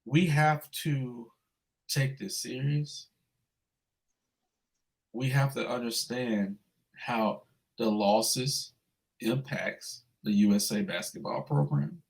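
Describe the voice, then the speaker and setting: A man co-hosting a casual sports podcast, animated and profane, ranting loudly when upset. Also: mid-range voice, slow pace, creaky, long pauses. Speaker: podcast co-host.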